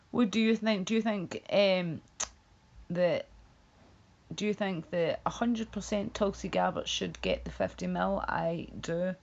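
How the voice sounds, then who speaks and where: A woman's voice: mid-range voice, animated, moderate pace, vocal fry, a little mellow, dull audio. A woman hosting a livestream, chatting in a rambling, blunt way with swearing and frequent laughs. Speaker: livestream host. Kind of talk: casual ranting chat.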